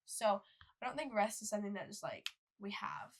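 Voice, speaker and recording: A woman's voice: mid-range voice, fairly quick. A young woman co-hosting a casual faith podcast, reading scripture aloud and then explaining it. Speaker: podcast co-host.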